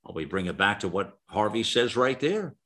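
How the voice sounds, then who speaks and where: A man's voice: lowish voice, very animated, normal speed, bright, forceful tone. A middle-aged man hosting a talk radio show, speaking in an earnest, rambling way full of restarts and fillers.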